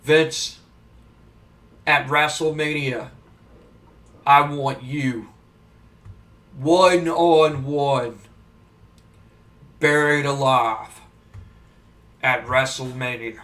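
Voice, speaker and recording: A man putting on the voice of a menacing undertaker wrestler, drawing out his threats low and slow. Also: steady tone, a bit bright, recorded from a distance.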